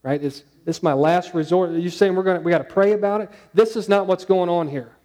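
A man preaching a conversational sermon, asking his listeners questions and dropping to a hushed tone on key points. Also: high-pitched, fairly quick. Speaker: pastor.

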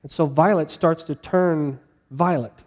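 A man's voice: fairly high pitch, measured pace, a little mellow, long reverb tail, muffled recording. A man preaching a sermon to a congregation in a conversational way, asking them questions as he goes. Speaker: pastor.

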